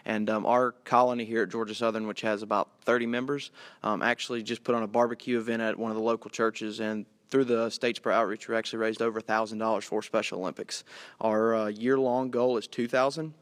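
A man's voice: fairly low pitch, level tone, fast, no echo. A young man, a college student guest, politely explaining his group's charity work. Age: young adult. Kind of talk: interview answers.

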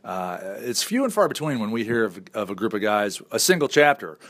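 A man's voice: lowish voice, big pitch swings, a little fast, fairly bright tone. A man with a Northern US accent hosting a talk show, chatty, upbeat and jokey while interviewing guests. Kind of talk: casual interview.

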